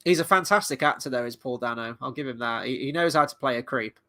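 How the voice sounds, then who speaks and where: A man hosting a live movie-night stream, chatting casually and excitedly and swearing freely. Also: medium pitch, fast talker, dry recording. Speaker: livestream host and movie reviewer. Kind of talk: casual live watchalong commentary.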